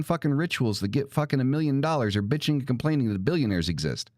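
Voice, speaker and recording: A man's voice: medium pitch, expressive, fast talker, hardly any pauses, a little mellow, no echo, studio quality. A male podcast host in a casual monologue, ranting and swearing, with lots of "right?" and "like" fillers. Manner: profane, ranting, heated.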